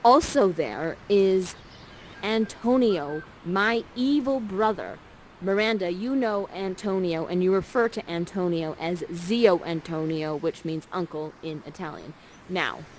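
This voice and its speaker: A woman's voice: medium pitch, lively intonation, unhurried, slight background noise, rough recording. A woman acting as guide, directing participants through an interactive theater scene in an upbeat, theatrical way. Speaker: actor guiding participants through an interactive show.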